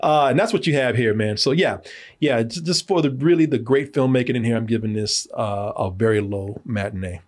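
A man's voice: mid-range voice, brisk. A man hosting a casual podcast movie review, loose and joking, often breaking into laughter. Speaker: film reviewer.

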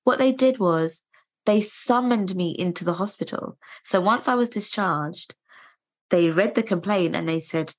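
A woman in her thirties telling her story in a casual conversation, animated and indignant. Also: mid-range voice, unhurried. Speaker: guest sharing her story.

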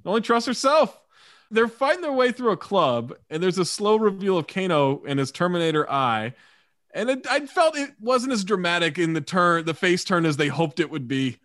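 A man hosts a casual movie chat, walking through the plot with wry asides. His voice is somewhat high, and the recording is dry, with no room sound. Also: sing-song, normal speed, a bit bright, dry recording. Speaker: podcast host.

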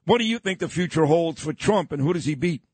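A man hosting a morning talk radio show, gushing and fast with praise. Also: fairly high pitch, animated, a little mellow, husky. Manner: effusive, rapid-fire praise.

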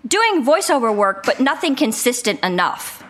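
Animated, high-voiced woman telling stories. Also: normal speed. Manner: animated storyteller, laughs often. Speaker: voice actor guest. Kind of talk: casual interview chat. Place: home living room.

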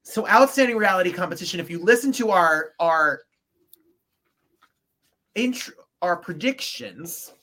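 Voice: mid-range voice, expressive, unhurried, pauses often, sharp tone. A podcast co-host reading out award winners from printed notes in a casual way, with fillers and stumbles.

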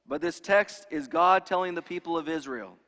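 A man's voice: a little high, normal speed, bright, forceful tone. Preaching man in a reverberant hall. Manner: conversational preaching with rhetorical questions to the congregation. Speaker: pastor. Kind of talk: sermon.

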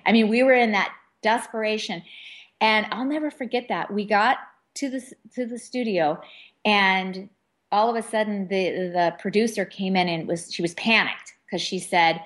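A woman's voice: medium pitch, measured pace. Giggly woman co-host telling stories. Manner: animated, giggly storyteller with many restarts. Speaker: co-host of a Christian radio talk show. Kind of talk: faith talk radio chat, storytelling.

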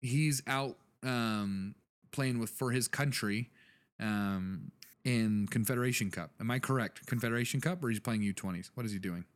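A man's voice: medium pitch, normal speed. Joking, rambling podcast host man. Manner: joking, laughs often, rambling. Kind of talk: casual sports chat.

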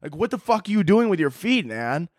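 A man's voice: high-pitched, very animated, a little fast, darkish tone, dry recording, studio quality. Profane, ranting young man. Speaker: podcast host. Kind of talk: casual solo rant.

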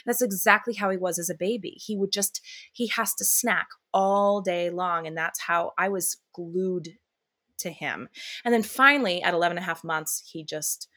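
A lower-pitched woman with a bright, forceful edge to her voice talks as a guest in a relaxed interview. She tells her stories candidly and with animation, using plenty of fillers and casual swearing. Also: normal speed. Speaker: musical theater actress, guest.

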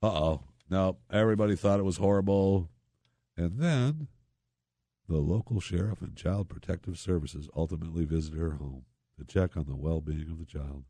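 A man's voice: sits low, normal speed, warm tone, no echo. A man hosting a talk radio show, reading news stories and mocking them with sarcastic asides. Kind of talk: opinion talk radio monologue.

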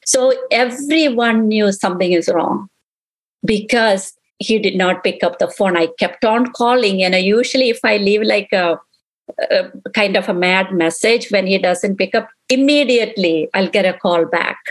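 A middle-aged woman, a mother, giving an earnest, halting personal account in an interview, acting out what others said. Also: medium pitch, rough recording. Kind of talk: emotional personal recollection.

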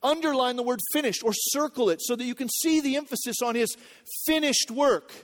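High-voiced male pastor preaching. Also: a little fast. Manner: earnest teaching, repeats key phrases, asks the congregation questions. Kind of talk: sermon.

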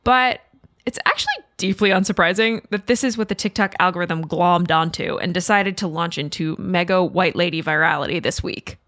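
Bright-voiced woman podcast co-host. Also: fairly low pitch, moderate pace, no echo, studio quality. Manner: laughs often, chatty and playful. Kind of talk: casual chat.

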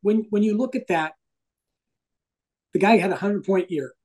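A middle-aged man, a hockey broadcaster and interview guest, telling stories in a casual, animated way and swearing freely. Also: high-pitched, normal speed, low-quality recording.

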